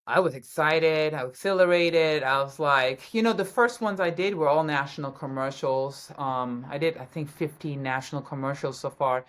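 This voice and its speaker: A woman from Germany, a guest actress talking excitedly about her career in a casual interview, with frequent restarts. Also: sits low, normal speed, few pauses.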